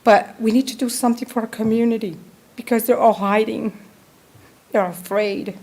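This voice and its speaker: A woman's voice: a little high, fairly even intonation, warm tone. Emotional woman. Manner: emotional, heartfelt, halting. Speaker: public commenter. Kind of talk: public comment at a council meeting. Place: council chamber.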